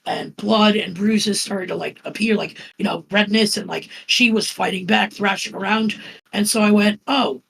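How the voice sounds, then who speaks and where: A woman from Florida, a podcast guest, telling a story in a calm, even way with many fillers. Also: medium pitch, vocal fry, a little hiss or hum, rough recording. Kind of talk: casual storytelling.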